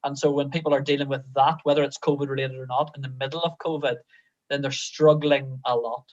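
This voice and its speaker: A man's voice: mid-range voice, level tone, a little fast, muffled recording. A man who is a pastor, answering questions thoughtfully with hesitant restarts. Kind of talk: casual interview answers.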